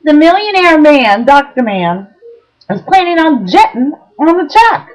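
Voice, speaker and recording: A woman telling a story to camera in a casual, blunt way, swearing freely and filling pauses with ums. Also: sits high, very animated, rough recording. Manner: blunt, profane, lots of ums. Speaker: vlogger giving dating advice.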